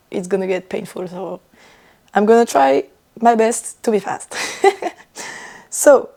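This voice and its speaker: A young woman vlogging about knitting in casual chat, her voice hoarse and broken from losing it, laughing often as she talks. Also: medium pitch, dark tone. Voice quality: rough, broken voice. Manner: laughs often, chatty and self-mocking. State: hoarse, lost voice.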